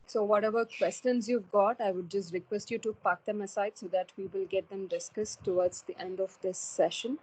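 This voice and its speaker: A woman's voice: medium pitch, fairly even intonation, moderate pace, hardly any pauses, darkish tone, low-quality recording. A woman giving an online webinar talk on goal setting, earnest, with many fillers and restarts, heard over a video call. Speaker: webinar speaker.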